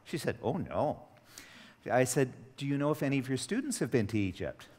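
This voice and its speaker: A middle-aged man giving a workshop to teachers, telling stories with lively acted dialogue. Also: medium pitch, fast. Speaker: teacher trainer. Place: training hall. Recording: echoey hall with long reverb.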